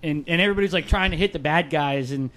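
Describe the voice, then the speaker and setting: Young guy with a pretty high voice, easygoing chat, asks stuff. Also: quick pace, a bit bright. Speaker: tabletop game player. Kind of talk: casual chat.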